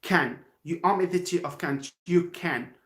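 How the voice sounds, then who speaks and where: A man's voice: fairly high pitch, a little slow, fairly bright tone, roomy sound. An Algerian man with an Algerian accent, a non-native English speaker, giving a live-stream English lesson from home in an encouraging, repetitive way while answering chat. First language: Algerian Arabic. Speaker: English teacher. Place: his home.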